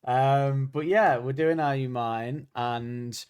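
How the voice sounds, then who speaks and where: A man's voice: medium pitch, slow, a little mellow, clean tone. A man hosting a podcast in casual chat, rambling and joking, often breaking off mid-sentence. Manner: rambling, self-interrupting, jokey. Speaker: podcast host.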